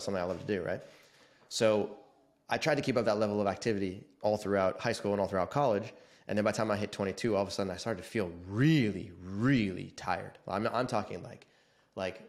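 A man in his forties, slightly low in pitch, talks through his story as a podcast guest. He is casual and animated, and he jumps into the quoted lines with some flair. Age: 40s. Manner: animated, acts out quoted dialogue.

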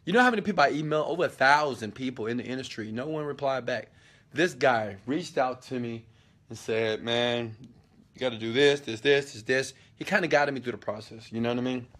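A man's voice: mid-range voice, a little fast, fairly bright tone. Chatty man live-streaming from a hotel room. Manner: loose and chatty, hype-driven. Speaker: online business coach. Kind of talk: casual live-stream chat. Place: hotel suite indoors.

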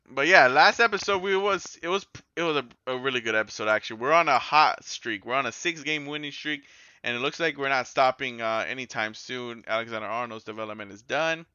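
A man giving casual, excitable gameplay commentary as a gaming YouTuber, yelling and swearing when the game goes wrong. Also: medium pitch, clean tone, no room sound, dull audio.

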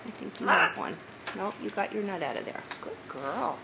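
Woman pet owner, casual home phone video, coaxing sing-song delivery, very swooping pitch. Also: very animated, normal speed, vocal fry. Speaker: pet owner filming her parrots. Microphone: phone camera. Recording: phone recording with loud background noise.

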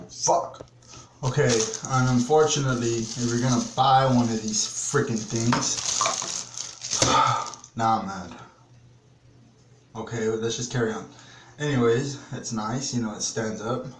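A man's voice: mid-range voice, fairly even intonation, unhurried, pauses often. Brief: man vlogger, foul-mouthed and fed up, rambling review taped in a small bathroom with echo and background hiss. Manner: profane, exasperated rambling. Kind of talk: casual product review vlog. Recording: echoey bathroom with background noise.

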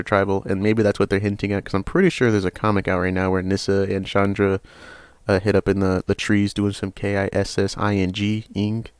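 Chatty low-voiced man reviewing cards. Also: clean tone, no room sound. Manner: rambling, chatty, hesitant with frequent uhs; bursts of excited emphasis. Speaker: card game channel host. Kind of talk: casual card review.

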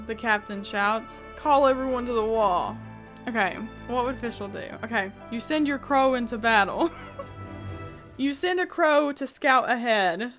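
A woman's voice: a little high, fairly bright tone. A woman gaming YouTuber reading a text adventure aloud and reacting with frequent laughter, swearing and exclamations of disbelief.

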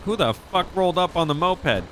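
A man's voice: high voice, lively intonation, fairly quick, a bit bright, a little hiss or hum. A man chatting in character in a roleplay game, brash and profane but easygoing. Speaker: roleplay streamer playing a rich animal owner.

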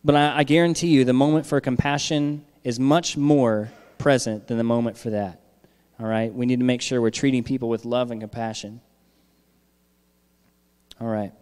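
A male pastor preaches in a relaxed, conversational way, often pausing to ask "all right?" to check in with his listeners. His voice sits at a middle pitch and carries a long reverb, as if it is filling a church hall. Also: clean tone. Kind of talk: sermon.

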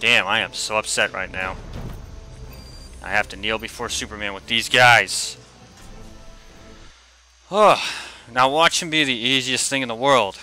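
A man's voice: lowish voice, steady tone, moderate pace, pushed and bright, faint music behind. A young man giving casual commentary while playing a fighting game, trash-talking the opponent and grumbling in frustration.

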